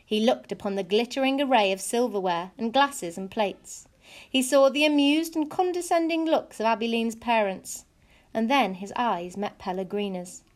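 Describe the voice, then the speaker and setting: A woman narrating a children's audiobook in an expressive, measured storytelling voice. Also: on the high side.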